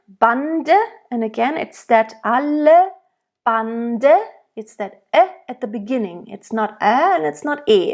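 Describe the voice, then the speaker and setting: Slow German-accented woman singing teacher. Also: a little high, darkish tone. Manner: explains slowly, models pronunciation aloud. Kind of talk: diction lesson.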